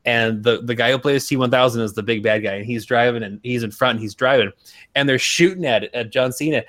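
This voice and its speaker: This podcast co-host talks fast in a medium-pitched, fairly bright voice. His casual chat rambles along with plenty of fillers, restarts, and free swearing.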